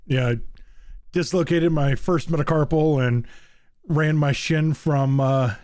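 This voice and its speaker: A man's voice: a little high, steady tone, unhurried, darkish tone, no room sound, studio quality. A man hosting a casual podcast chat, telling stories with frequent laughs and fillers. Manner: laughs often, tells stories with many fillers. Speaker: podcast host.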